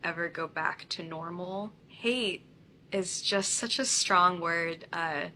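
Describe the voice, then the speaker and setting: A woman speaks candidly into the camera about a painful personal experience. Her voice is bright, and she often laughs lightly. A faint ambient noise sits behind her. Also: fairly low pitch, takes it slowly. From India. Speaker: content creator.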